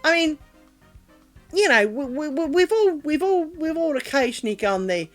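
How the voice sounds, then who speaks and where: Faint music sits behind this British woman as she streams her crafting on a streaming mic. Her voice is a little high and her speed normal, and her casual chat is candid and rambling, self-deprecating, with the occasional swear word.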